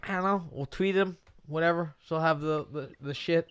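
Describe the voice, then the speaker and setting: A man's voice: on the high side, moderate pace, heavy background noise. A man co-hosting a podcast in a studio, bantering and teasing with casual swearing. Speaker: co-host.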